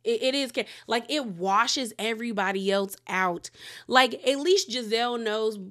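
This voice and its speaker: A woman from the Washington DC area giving a chatty, opinionated recap of a reality show, her pitch jumping up when she gets excited. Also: moderate pace. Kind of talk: casual recap commentary.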